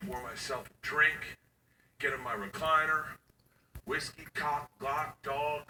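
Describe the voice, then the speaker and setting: Comedian guy yelling his bits, distant noisy room recording. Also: on the high side, fairly even intonation, slow. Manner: loud, shouting punchlines and acting out his kids. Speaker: stand-up comedian. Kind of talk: stand-up comedy set. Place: live comedy stage. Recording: echoey venue from far off, noisy.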